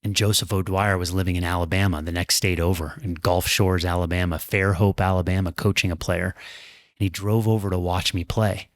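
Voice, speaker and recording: A man's voice: low-pitched, little pitch movement, no echo. A man and former pro tennis player, a podcast guest, reflecting earnestly on his career in candid storytelling. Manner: earnest, reflective, talks in quick bursts.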